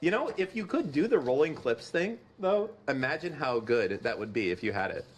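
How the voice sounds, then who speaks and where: A man's voice: medium pitch, sing-song, normal speed, a little hiss or hum. A man bantering on a live stream, profane and mock-boastful. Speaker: stream co-host.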